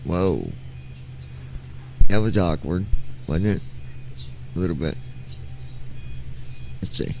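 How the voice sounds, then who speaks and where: A man's voice: sits low, expressive, slow pace, vocal fry, long pauses, a little mellow, a little hiss or hum. A man hosting a casual live stream, talking on a headset mic and joking with viewers while he tests his audio. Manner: playful, joking, testing his mic aloud. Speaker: streamer host.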